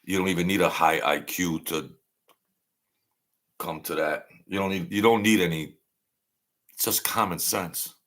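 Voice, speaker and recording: A man's voice: sits low, a bit bright. A middle-aged man, chatting bluntly and rambling on a casual livestream, often repeating himself. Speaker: livestream host.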